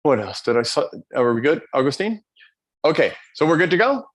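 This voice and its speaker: A man's voice: a little high, sing-song, a little fast, husky. A man hosting a live online seminar as a motivational coach, talking energetically and playfully, addressing the audience directly. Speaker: motivational coach, event host.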